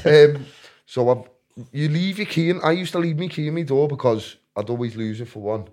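A man's voice: mid-range voice, animated, normal speed, darkish tone. A man telling rambling, self-mocking stories in a casual podcast chat, often restarting his sentences.

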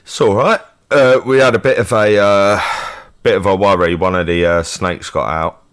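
A man's voice: fairly low pitch, steady tone, moderate pace, fairly bright tone, smooth. A man with a Cockney accent, co-hosting a podcast in a laid-back, unenthusiastic, slangy way. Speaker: podcast co-host. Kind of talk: casual podcast banter.

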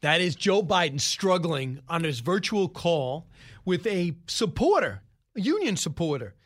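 A man's voice: high voice, big pitch swings, a bit bright. A man hosting a talk radio show, giving opinionated, emphatic commentary and taking calls. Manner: opinionated, emphatic, quick asides. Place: radio studio.

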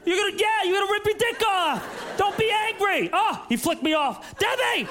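A man's voice: high-pitched, huge pitch swings, takes it slowly, a bit bright, voice pushed down, exaggerated voice. A male comedian voicing a contented neighbor in his sixties with a lazy drawl, on a noisy live stage recording. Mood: gleeful hollering. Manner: lazy, contented drawl, then gleeful hollering.

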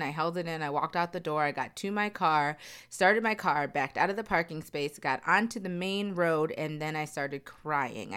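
A woman's voice: low voice, fairly bright tone, clear, resonant tone. A middle-aged woman speaking candidly and earnestly to her viewers, repeating phrases for emphasis. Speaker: vlogger. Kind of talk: candid personal talk to viewers.

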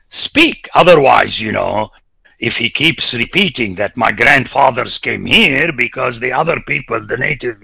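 A man, a priest, giving an emphatic biblical lecture, swinging between loud exclamations and hushed whispers. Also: medium pitch, lively intonation, gravelly, breathy edge, dry recording. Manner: slow, deliberate, rhetorical.

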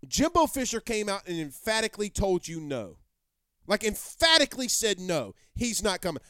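A man's voice: sits high, very animated, moderate pace, a bit bright, smooth, no room sound, studio quality. A man hosting a live sports talk show, brash and rambling, repeating himself as he answers viewer comments.

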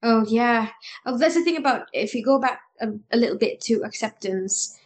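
A woman's voice: on the high side, lively intonation, normal speed. A woman in a casual podcast chat, searching for her words as she goes. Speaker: podcast co-host.

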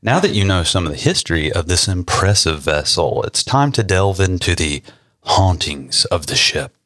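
A man's voice: low voice, very animated, moderate pace, bright, forceful tone, no room sound, studio quality. A young man co-hosting a podcast, reading history facts and joking about them. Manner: joking, reads facts then riffs. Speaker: podcast co-host. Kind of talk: casual chat and read history.

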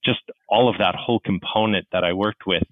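A man's voice: on the low side, steady tone, fairly quick, no room sound, phone-quality sound. A man from Calgary with a Canadian accent, a podcast guest telling stories in a chatty, self-deprecating way. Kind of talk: casual podcast storytelling.

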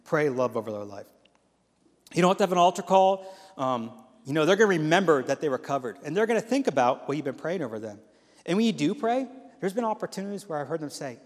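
A man's voice: mid-range voice, fast talker. A man giving a sermon as guest speaker, telling stories and acting out the voices in them. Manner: animated storytelling with quoted voices. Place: church hall. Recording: long hall reverb.

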